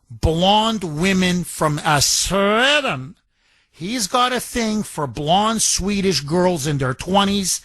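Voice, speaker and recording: A man hosting a talk radio show, telling a story in an animated way and acting out quotes. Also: high voice, dry recording.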